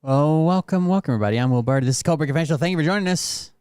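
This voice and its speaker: A man's voice: a little high, rapid-fire, darkish tone, clear, resonant tone. A man hosting a casual show, talking in a loose, rambling and profane way. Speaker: host. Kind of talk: casual chat.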